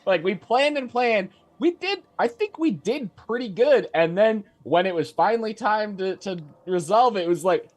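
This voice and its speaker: A man's voice: sits high, sing-song, unhurried. A man, a tabletop game player, chatting casually, swearing and laughing with many hesitant uhs. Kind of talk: casual chat.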